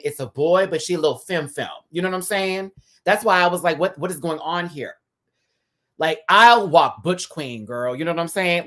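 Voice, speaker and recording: A man hosting a casual live review. He talks in a sassy, chatty way, full of drag slang and quick laughs. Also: a bit bright. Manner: laughs often, dramatic pitch swings. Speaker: host reviewing a TV episode live.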